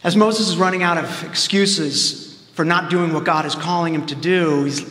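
A man, a seminarian, preaching a sermon in a relaxed, conversational way with casual asides. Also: a little high, normal speed. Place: church sanctuary. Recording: roomy church echo with long reverb.

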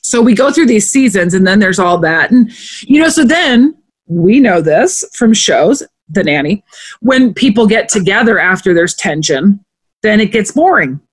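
Woman podcast cohost, animated, acts out the quotes, mid pitch, just chatting. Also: moderate pace, husky. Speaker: podcast co-host. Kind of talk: casual chat.

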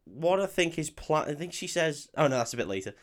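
A man in his casual podcast chat, his voice sitting a little high. He swears freely, laughs a lot and acts out the characters as he recaps a film. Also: very animated, fairly quick. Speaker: podcast co-host.

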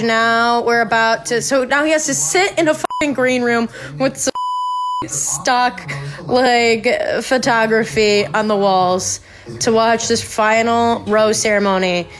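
Blunt, excitable woman podcast host. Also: a little high, unhurried, soft background music. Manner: blunt, swears freely, excitable. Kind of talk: casual reaction commentary while watching TV.

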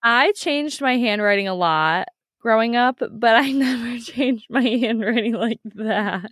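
A woman's voice: fairly high pitch, unhurried, fairly bright tone, no echo, clean studio sound. A woman co-hosting a podcast, playful and reactive in casual chat. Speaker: podcast co-host.

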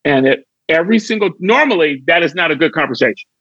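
A man's voice: on the high side, fast, husky, no room sound, lo-fi sound. A man, an actor and comedian from Chicago, telling stories in a casual chat and acting out the voices in them. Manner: animated, acts out voices in his stories. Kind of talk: casual storytelling.

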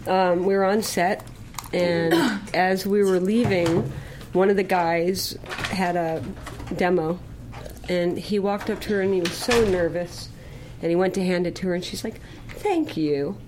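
A woman's voice: lowish voice, steady tone, a little slow, noisy background. A woman guest on a radio talk show telling a story, enthusiastic and swearing casually.

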